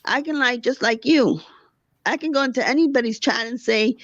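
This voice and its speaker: A woman's voice: fairly high pitch, normal speed, fairly bright tone, no room sound, lo-fi sound. A woman livestreamer in casual chat, ranting heatedly and gossiping about other streamers.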